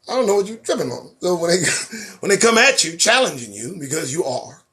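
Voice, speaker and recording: A man hosting a live stream, reading news headlines aloud and ranting about them in a sarcastic, profane, animated way. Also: on the high side. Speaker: host. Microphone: phone or webcam on a live stream.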